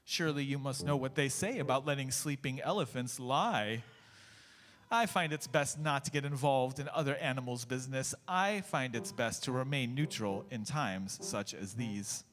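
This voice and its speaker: A detached gazelle answers in a measured, dismissive tone, as a man voices him. It is a storybook character who keeps out of trouble. The voice carries a long church echo, with soft music behind. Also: medium pitch, natural voice. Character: detached male gazelle, coolly neutral. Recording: echoey church hall, faint music.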